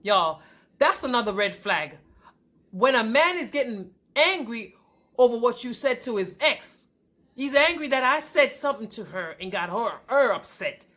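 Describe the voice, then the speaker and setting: A woman's voice: a little high, expressive, normal speed, fairly bright tone. A woman vlogger telling a personal relationship story straight to her viewers, with emphasis.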